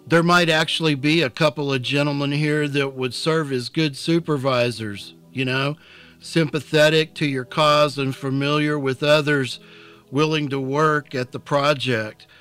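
A man voicing a thoughtful, cautious middle-aged village priest who speaks gently and carefully in a novel reading. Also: fairly high pitch, fairly even intonation, measured pace, clear, resonant tone, soft background music. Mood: earnest. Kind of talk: scripted narration.

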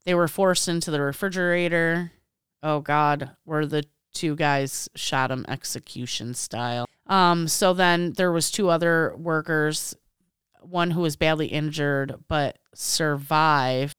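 A woman's voice: deep voice, a little slow, a bit bright, clean tone, no echo, clean studio sound. A woman co-hosting a podcast, reading a story aloud and adding blunt, offhand wisecracks. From Illinois, US. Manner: blunt, offhand reader who adds wisecracks. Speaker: podcast co-host.

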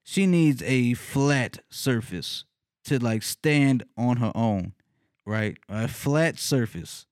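A man casually telling a funny personal story, cursing freely, laughing often and leaping up in pitch when he retells his reactions. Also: expressive, slow, a little mellow, clear, resonant tone, dry recording, studio quality. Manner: laughs often mid-sentence.

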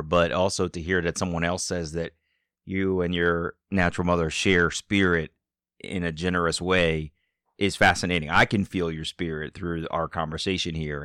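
Man, host and narrator, calm, measured, lowish voice, dry close sound. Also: no echo. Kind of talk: narration and interview.

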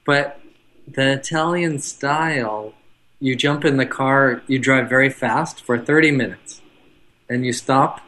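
Measured male interview guest. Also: medium pitch, bright, forceful tone, poor audio. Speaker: guest, car business owner. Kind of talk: conversational interview.

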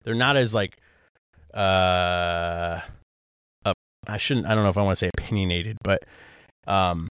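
Smooth-voiced man chatting casually. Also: low-pitched, a little slow, pauses often, a bit bright, dry recording, clean studio sound. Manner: rambling with many fillers and restarts. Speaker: podcast co-host. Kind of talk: casual chat.

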